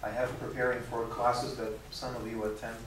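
A man's voice: medium pitch, little pitch movement, normal speed. A man, an imam, giving a conversational religious lecture and answering audience questions, often restarting and repeating words. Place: university lecture room. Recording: echoey room from far off, faint noise.

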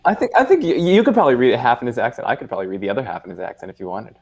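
A young adult man, a guest in a casual video discussion, playful and quick to laugh. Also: medium pitch, breathy edge. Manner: playful, laughing easily, lively.

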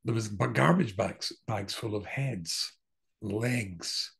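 Slow and low, with vocal fry, a rabbi spins a long, digressive personal story packed with asides and restarts. It's a low-quality recording.

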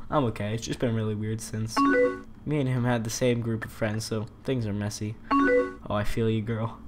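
A young man hosting a let's play, joking and reading chat messages aloud in an animated voice. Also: fairly low pitch, measured pace, long pauses. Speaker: gaming channel host. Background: loud game music.

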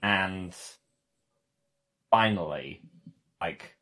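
A man co-hosting a casual podcast, rambling with wry, deadpan humor. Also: deep voice, very slow. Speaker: podcast co-host.

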